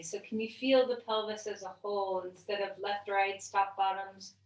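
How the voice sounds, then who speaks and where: Calm woman guiding yoga, echoey room. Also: mid-range voice, distant mic. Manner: calm, slow guiding questions with fillers. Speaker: yoga teacher. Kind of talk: guided yoga class instruction. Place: room, lying on the floor.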